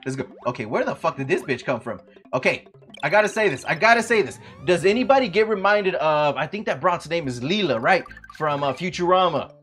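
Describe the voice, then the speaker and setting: A livestreamer provides casual gaming commentary in a fairly quick, wildly animated voice, breaking into loud, sudden yelps that leap high in pitch. He curses at the game, trash-talks freely, and greets viewers by name while faint music plays underneath.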